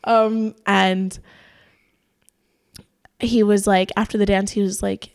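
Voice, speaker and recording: A woman's voice: medium pitch, slow pace, vocal fry, clear, resonant tone. A young woman in her twenties telling a story in casual chat, laughing often and acting out the lines of the people in it. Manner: animated storyteller, laughs often, acts out quotes.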